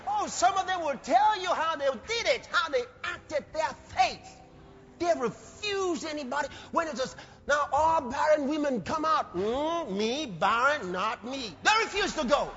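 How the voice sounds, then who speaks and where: A man's voice: extremely high pitch, animated, measured pace, a bit bright, dull audio, a little hiss or hum. A man preaching a sermon emphatically, repeating phrases and acting out the voices he quotes.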